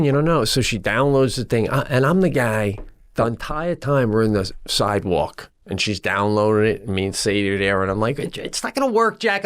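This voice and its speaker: Middle-aged guy on a podcast, animated storyteller, jumps into his own frantic quotes. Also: lowish voice. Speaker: podcast co-host. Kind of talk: casual storytelling chat.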